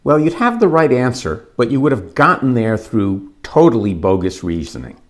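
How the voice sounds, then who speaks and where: A man giving a recorded course lecture, explaining plots step by step in a measured way. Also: medium pitch, very animated.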